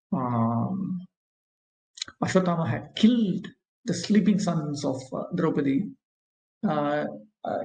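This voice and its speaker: Man giving a gravelly, echoey scripture lesson. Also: on the high side, darkish tone. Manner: frequent fillers and pauses, repeats points; chants Sanskrit verses slowly. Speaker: scripture teacher. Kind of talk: scripture class lecture, reading and explaining verses. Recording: echoey room.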